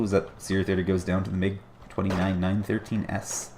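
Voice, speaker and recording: Male caster, deep and gravelly, casual wry play-by-play for a strategy game. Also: flat delivery, fairly quick, a little mellow, slight background noise. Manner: chatty, wry, self-deprecating asides.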